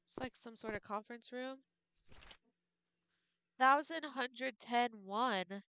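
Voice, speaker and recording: Slow, bright-voiced woman streamer. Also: fairly high pitch, clean tone, no room sound. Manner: mutters and thinks aloud while puzzling. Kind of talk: casual gameplay commentary.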